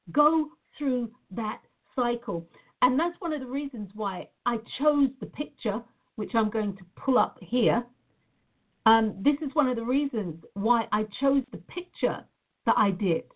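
A woman with a fairly high voice gives an earnest motivational talk, coaching her listeners. She leans on repeated words for emphasis. The sound is thin and tinny, like a phone line.

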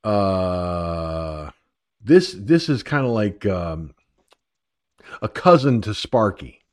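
Very slow yet very animated, this low, slightly mellow male voice belongs to an older online talk radio host. In casual call-in chat he cracks jokes and rambles crudely about the troubles of daily life.

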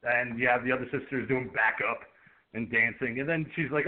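A man co-hosting a podcast, casually picking apart a film in a profane, animated way and acting out scenes. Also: medium pitch, fairly quick. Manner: animated, profane, acts out characters. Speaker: podcast co-host. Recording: phone-like narrow audio.

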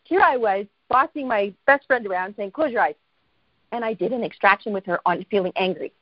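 A woman guest telling a story in a casual interview, lively and self-deprecating, acting out the voices of people she quotes. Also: medium pitch, brisk, no echo, lo-fi sound.

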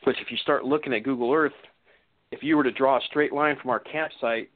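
Over a tinny phone line, a man from Washington state recounts an encounter as an eyewitness guest on a radio interview. His mid-range voice runs a little fast with fairly even intonation, and his casual storytelling rambles with lots of restarts and "you know"s.

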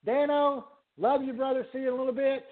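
Profane rambling male podcast host, high voice, tinny phone-like sound. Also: steady tone, fast talker. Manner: rambling, swears freely, laughs a lot. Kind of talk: casual profane chat.

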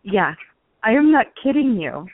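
A woman's voice: a little high, very animated, moderate pace, husky, no room sound. A woman in her forties, a guest speaking earnestly in casual conversation, sometimes slipping into a preachy tone. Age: 40s. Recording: tinny phone line, dry.

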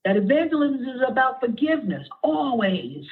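In a high, husky, sing-song voice at normal speed, a middle-aged woman pastor pours passion into her sermon, at times nearly weeping, and calls out for congregational responses. The audio has a tinny, phone-like quality.

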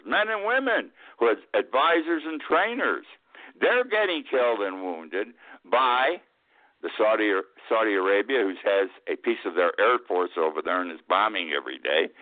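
A man's voice: fairly low pitch, no echo. An older man hosting a talk radio show, giving a rambling, folksy, opinionated monologue full of restarts. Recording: tinny phone-like radio line.

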